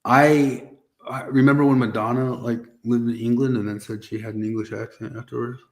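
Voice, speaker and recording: A man's voice: mid-range voice, level tone, brisk. A man, a podcast co-host, chatting in an easygoing way, often laughing and trailing off. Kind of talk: casual chat.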